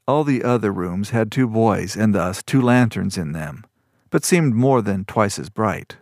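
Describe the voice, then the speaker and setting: A man reading a fantasy story aloud as narrator, in an even, measured manner. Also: no echo, studio quality. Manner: even, measured storytelling, lifts pitch for dialogue. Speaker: audiobook narrator.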